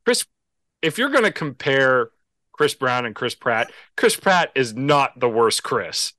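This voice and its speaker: A man co-hosting a podcast, talking in halting bursts full of restarts as he makes his points. His tone is bright and forceful. The sound is dry and close-miked. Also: mid-range voice, big pitch swings, no room sound. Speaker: podcast co-host. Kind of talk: casual chat.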